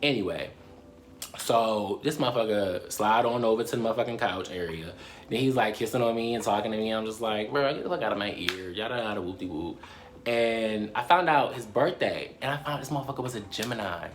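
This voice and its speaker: A young man from Baltimore with a Baltimore accent, telling a personal story to camera in a lively, profane way and addressing viewers as "y'all". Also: fairly low pitch, a little fast, a little hiss or hum. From Baltimore, USA. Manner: animated, swears a lot, laughs often, addresses viewers as "y'all". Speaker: storytime vlogger.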